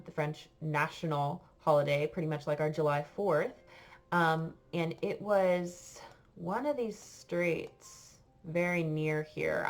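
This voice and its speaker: An American woman, a French teacher, telling a story to her class in a chatty, halting way with many fillers. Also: low-pitched, creaky. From United States.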